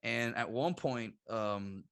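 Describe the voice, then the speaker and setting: Animated, swearing man from Puerto Rico. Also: mid-range voice, takes it slowly, creaky, smooth, dry recording, studio quality. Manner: animated, swearing, laughing often, acts out quotes. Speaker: podcast guest. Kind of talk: casual storytelling.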